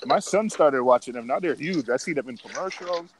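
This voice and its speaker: Emphatic man, slightly high voice. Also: animated, a little fast, very noisy. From United States. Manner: talkative, emphatic, opinionated. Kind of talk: casual chat.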